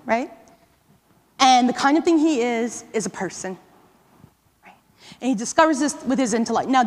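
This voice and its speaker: High-voiced woman teaching in a hall. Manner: conversational, checks in with "right?" and "okay?". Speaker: workshop presenter. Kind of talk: live teaching talk to catechists. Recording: long hall reverb.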